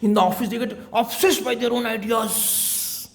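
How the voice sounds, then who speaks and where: A man with an Indian accent giving a spiritual discourse, playful and animated, slipping Hindi phrases into his English. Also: extremely high pitch, normal speed. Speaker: spiritual teacher.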